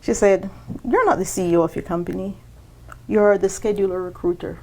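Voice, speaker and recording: A woman appears as a guest on a business podcast, talking a bit quickly as she relates her story with animation. When she voices other people's words, her pitch jumps sharply.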